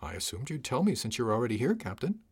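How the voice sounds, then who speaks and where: A man's voice: medium pitch, sing-song, quick pace, slightly rough. A man voicing a cheerfully oblivious, clumsy male cargo chief who answers in a mild, breezy, blithely reasonable way.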